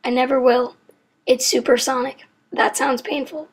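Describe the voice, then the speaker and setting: High-voiced rambling student explainer. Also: female voice, flat delivery, moderate pace. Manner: rambling, often sidetracked and self-correcting; apologetic, unsure asides. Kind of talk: casual educational explainer.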